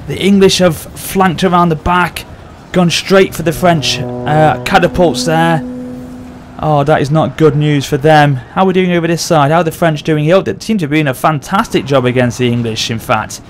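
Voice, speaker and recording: A man hosting a gaming channel, excitedly commentating a battle over gameplay and often addressing his audience. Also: a little high, slight background noise.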